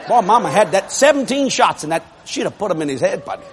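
A man preaching with a high, lively voice that leaps up and down as he acts out a story from the pulpit. He shouts and laughs his way through it. A faint hiss of noise sits under the recording. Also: quick pace, some chatter behind. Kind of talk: humorous sermon storytelling.

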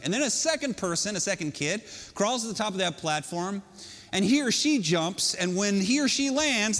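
A man telling a self-mocking personal story to an audience, animated and conversational. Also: high-pitched. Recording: long hall reverb.

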